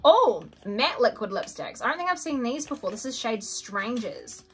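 A woman's voice: fairly high pitch, moderate pace, husky. Gushing young woman unboxing makeup. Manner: gushing, excitable, frequent gasps and soft whispers. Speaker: beauty vlogger. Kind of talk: casual unboxing chat.

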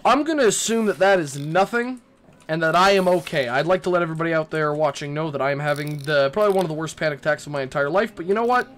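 A man's voice: a little high, expressive, fast talker, fairly bright tone. A young man playing a horror game and commenting, nervous and rambling, swearing and talking back to the characters. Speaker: gaming YouTuber.

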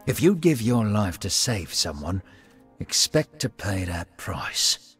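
A man's voice: fairly low pitch, big pitch swings, takes it slowly, a bit bright, slightly rough, soft background music, exaggerated voice. An actor playing a grim, menacing male game character with a put-on Australian accent.

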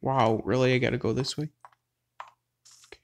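Excitable gamer swearing at a horror game. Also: medium pitch, normal speed. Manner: excitable, loud outbursts, frequent swearing; talks straight to viewers. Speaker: gaming channel host. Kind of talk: let's play commentary.

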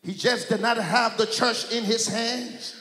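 High, bright-voiced preacher in an echoing hall. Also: male voice, steady tone, unhurried. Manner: call-and-response preaching, often shouting and chanting. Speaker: pastor. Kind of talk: sermon. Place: large church sanctuary. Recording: echoey church hall.

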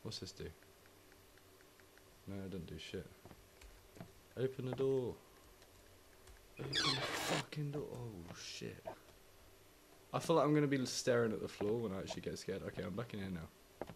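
A man's voice: on the low side, animated, normal speed, vocal fry, pauses often, noisy background. A young man swearing and wisecracking while playing a horror game at home. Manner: sweary, jumpy, wisecracking reactions. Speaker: gaming YouTuber. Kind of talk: let's play commentary. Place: home flat.

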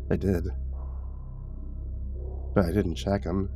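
A man narrating a horror story and hosting his channel, slowing to a dramatic hush on key lines. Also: mid-range voice, expressive, breathy edge, faint music behind.

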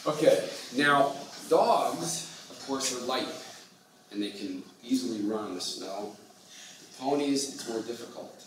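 A man giving a university lecture, speaking slowly and often mixing in halting Russian with many fillers. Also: mid-range voice, fairly bright tone, a little hiss or hum. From United States. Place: lecture hall. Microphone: far from the mic. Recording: distant echoey lecture hall.

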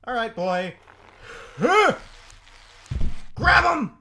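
Lively high-voiced male gamer, noisy recording. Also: takes it slowly. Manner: excitable, swearing, laughing often. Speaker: gameplay commentator. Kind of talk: let's play commentary.

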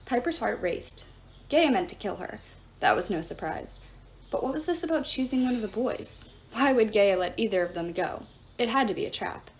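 A woman's voice: medium pitch, expressive, moderate pace, slight background noise. A woman reading a novel aloud, narrating expressively and switching into the characters' voices.

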